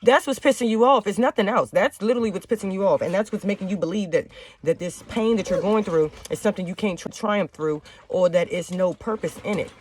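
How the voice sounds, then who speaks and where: A young woman talks fast and straight into the camera at home, hosting her own show. She lectures her listeners in a blunt, preachy way, swearing freely as she goes. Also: mid-range voice, a little mellow, a little hiss or hum. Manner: blunt, heavy cursing, preachy. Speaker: talk show host. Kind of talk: casual monologue to viewers. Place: home with children nearby.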